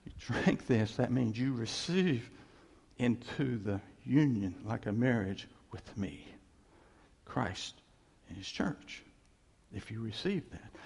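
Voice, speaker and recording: A man preaching in an animated way, rising to loud exclamations and then dropping to hushed asides. His voice is gravelly and husky, and it carries a long reverb from the hall around him. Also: mid-range voice. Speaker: pastor. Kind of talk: sermon.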